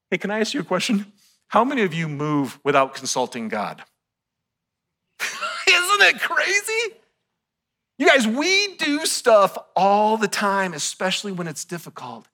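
Animated, bright-voiced male pastor preaching. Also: high voice. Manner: animated, swings from soft and hushed to loud and excited. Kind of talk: sermon.

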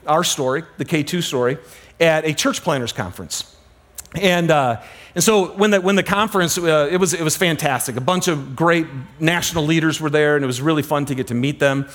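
A man preaching a sermon as a pastor, telling stories with dramatic slowdowns and hushed emphasis. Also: fairly high pitch.

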